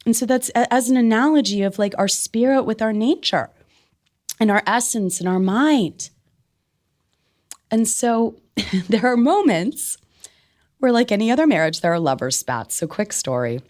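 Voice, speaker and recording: A woman guest telling an animated personal story in a conversation, laughing often and filling her speech with "like.". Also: on the high side, moderate pace, pauses often. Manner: expressive, laughs often, many "like" fillers. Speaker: podcast guest, spiritual medium.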